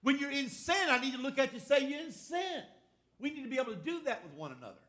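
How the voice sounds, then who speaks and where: An older preacher with a notably high voice for a man. He preaches emphatically and keeps calling on the congregation to say amen. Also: sing-song, racing, pushed and bright. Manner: emphatic, calls for amens from the congregation. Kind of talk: sermon.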